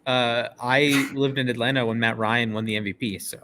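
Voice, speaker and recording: A man's voice: mid-range voice, moderate pace. Easygoing young man with faint background hiss. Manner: relaxed, dry, many fillers like "uh" and "like". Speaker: sports betting show co-host. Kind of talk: casual sports chat.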